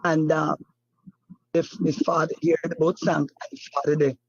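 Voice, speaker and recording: A woman whose husband is a missing fisherman recounts events in an interview, halting and repeating herself with many fillers. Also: low voice, level tone, husky, no room sound, lo-fi sound. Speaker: family member of a missing fisherman, interview guest. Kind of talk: emotional first-hand account in an interview.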